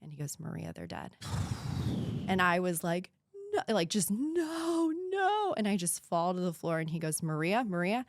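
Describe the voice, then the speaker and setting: As a podcast guest, a woman from the United States in her thirties relates a painful experience in an earnest, creaky, lowish voice that at times sinks to a hushed whisper. She speaks at a moderate pace, and the studio-quality recording has no echo.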